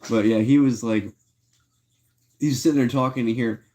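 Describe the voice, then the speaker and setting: A man's voice: mid-range voice, fairly even intonation, normal speed, mellow. Laid-back slangy man livestreaming. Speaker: live streamer. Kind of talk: casual livestream chat.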